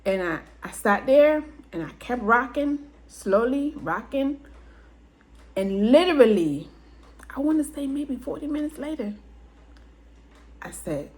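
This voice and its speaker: Animated high-voiced woman telling a story. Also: measured pace, pauses often. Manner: animated, laughing often, acts out quotes. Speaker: vlogger. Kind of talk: casual storytelling to camera.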